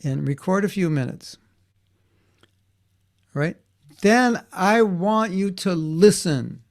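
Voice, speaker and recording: A man's voice: high-pitched, expressive, slow pace, a little mellow. A man teaching a class for children in a conversational way, often checking in with his students and restarting his sentences. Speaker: workshop teacher for kids.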